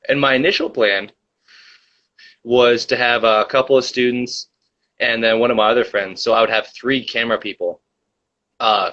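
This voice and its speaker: A man's voice: on the low side, pushed and bright. Rambling young man on a lo-fi stream. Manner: rambling storytelling, many fillers. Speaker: livestream host reading chat. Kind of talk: casual livestream chat.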